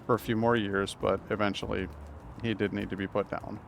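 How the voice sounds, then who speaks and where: A man's voice: lowish voice, level tone, fairly quick, creaky, slight background noise. A man streaming a game live, chatting casually and telling stories with frequent restarts. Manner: rambling, warm storytelling with frequent restarts.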